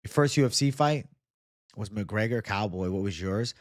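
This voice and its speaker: A man's voice: fairly low pitch, expressive, normal speed, no echo, clean studio sound. Swearing, chatty man from Boston. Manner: swears a lot, loose and chatty. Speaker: livestream host. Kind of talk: casual live chat.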